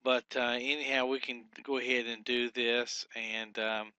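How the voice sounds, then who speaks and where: Male teacher, bright clear voice, dry close sound; halting delivery with fillers, slow syllable drills. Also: medium pitch, level tone, no echo, muffled recording. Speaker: Hebrew teacher. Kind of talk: recorded grammar lesson.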